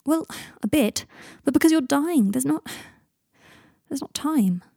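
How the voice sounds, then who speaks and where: A woman's voice: high voice, animated, measured pace, gravelly, warm tone, no echo, studio quality, pitched above the performer's own voice, full character voice. A woman voicing a flustered, earnest young man who sounds exasperated and confused. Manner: raised and exasperated.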